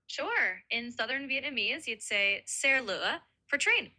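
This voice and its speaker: Bright, upbeat female AI voice; helpful tutor, chatty and explanatory. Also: a little high, very animated, measured pace. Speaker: AI voice assistant. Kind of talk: assistant chat, tutoring.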